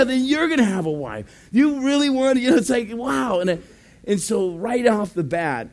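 A male pastor telling a lively testimony in a sermon, shouting out quoted blessings as he tells the story. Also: high-pitched.

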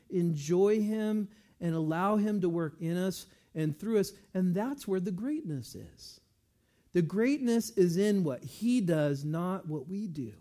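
A man preaching a sermon, talking in a relaxed, conversational way and reading scripture slowly. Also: high-pitched. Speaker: pastor.

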